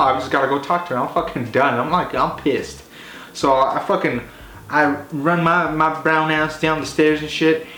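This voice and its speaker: Rambling, swearing man telling a story. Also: fairly high pitch. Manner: animated, rambling, lots of swearing and filler. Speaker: comedy vlogger. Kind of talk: casual profane storytelling. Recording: echoey room with faint hiss.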